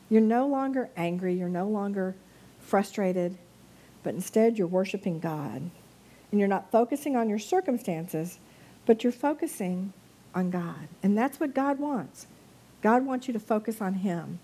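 A woman preaching a sermon in an earnest way, slowing and softening when she reads scripture aloud. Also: fairly high pitch.

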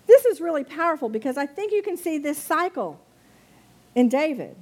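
A woman preaching a sermon in an earnest way, slowing and softening when she reads scripture aloud. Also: sits high, big pitch swings.

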